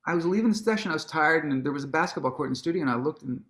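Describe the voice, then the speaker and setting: A man with a somewhat high voice tells a story at a live onstage talk. He is casual and swears freely. He acts out quotes with sudden leaps in pitch and often restarts his sentences. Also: expressive, racing, fairly bright tone. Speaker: guest, musician and author.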